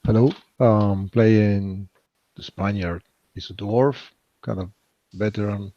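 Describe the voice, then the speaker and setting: Man, lowish voice, slow, hesitant, muffled lo-fi sound. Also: steady tone, dark tone, dry recording. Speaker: player. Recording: dull lo-fi call audio.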